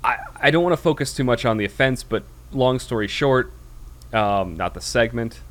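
This American podcast host has a mid-range, somewhat bright voice with lively intonation and a normal pace. His casual chat wanders, packed with fillers and frequent restarts.

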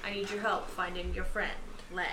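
A woman's voice: on the low side, moderate pace, over loud music. A woman playing a tabletop game, describing her character's actions bluntly. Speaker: player. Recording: echoey room with steady background noise.

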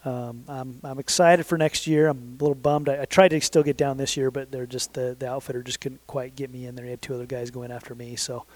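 A man's voice: mid-range voice, little pitch movement, brisk, hardly any pauses, a little mellow, no echo. A man in his thirties telling a long story in a casual, rambling way, correcting himself often and leaning on fillers. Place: southern Utah.

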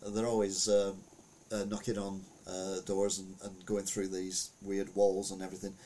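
A man's voice: deep voice, completely flat delivery, moderate pace, warm tone, a little hiss or hum. A man giving a casual, rambling commentary on the week's news, full of anecdotes and asides.

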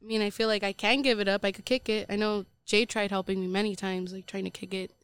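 Woman podcast co-host, candid rambling chat, clear smooth voice, dry sound. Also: medium pitch, level tone, quick pace, no room sound. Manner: rambling, filler-heavy storytelling. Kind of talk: casual confessional chat.

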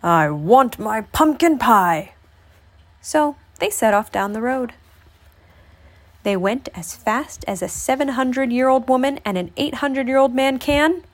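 A woman reading a children's picture book aloud, with an expressive storytelling delivery. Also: sits high, moderate pace.

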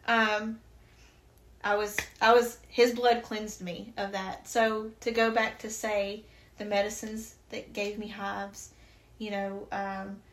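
A woman speaks at an ordinary middle pitch, recounting a personal story in a chatty, earnest way. She leans on fillers and returns often to her faith. The room around her is echoey. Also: level tone, takes it slowly, a little hiss or hum. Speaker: podcast guest.

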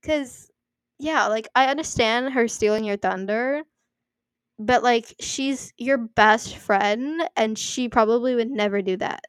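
A young woman reading online posts aloud and adding chatty commentary, full of "like" and quick apologies for her slips. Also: a little high, smooth, no room sound, clean studio sound. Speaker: story reader and commentator.

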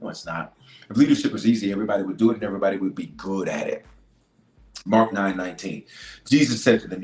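A man, a bishop, preaching a leadership sermon. He repeats key lines for emphasis and swings from loud declarations to hushed asides. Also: low-pitched, fast talker. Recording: roomy echo with faint music.

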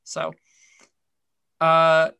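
Guy cohosting a podcast, kinda high bright voice, rambly, tons of ums, dry sound. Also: monotone, very slow, gravelly, clean tone, no echo. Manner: chatty, rambling, many fillers. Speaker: podcast co-host. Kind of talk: casual chat.

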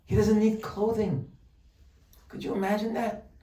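A man giving a humorous religious lesson, animated and joking, full of rhetorical questions. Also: high voice, unhurried. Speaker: Torah teacher. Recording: roomy sound from a distant mic.

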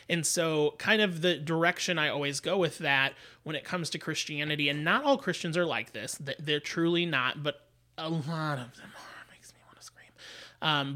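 A man with a bright, fairly high voice talks earnestly on a casual podcast. He works through his thoughts in a reflective way and laughs easily with his co-host. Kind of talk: casual chat.

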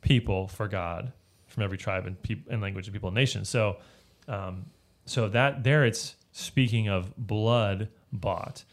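A Bible teacher with a lowish voice leads a casual study at a measured pace. He walks through a passage step by step, frequently checking in with "right?".

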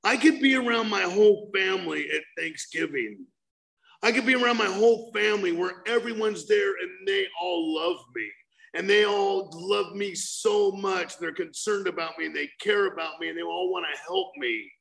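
A man giving a personal recovery share at a meeting, animated storytelling with bursts of shouting and lots of fillers. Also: high voice, moderate pace, creaky, low-quality recording.

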